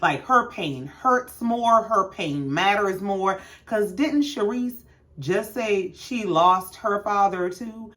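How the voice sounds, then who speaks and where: Woman, reality TV recap host, sassy and lively, mid pitch. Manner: sassy, animated, acts out quotes in raised voices.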